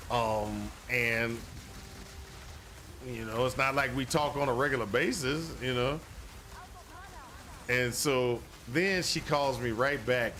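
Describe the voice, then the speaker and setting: A man's voice: medium pitch, pushed and bright, slight background noise. A man casually telling a long personal story while playing a video game, rambling and repeating himself with lots of "you know". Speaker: gaming streamer.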